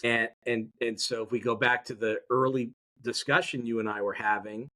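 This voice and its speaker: A man talking as a podcast guest in an energetic, motivational way, drawing the audience in. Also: mid-range voice. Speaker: podcast guest, mindset educator. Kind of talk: conversational interview.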